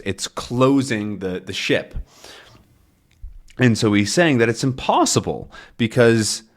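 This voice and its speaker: A man teaching English to learners by reading a comic aloud, chatty and explaining as he goes. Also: fairly low pitch. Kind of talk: comprehensible-input lesson, reading a comic aloud.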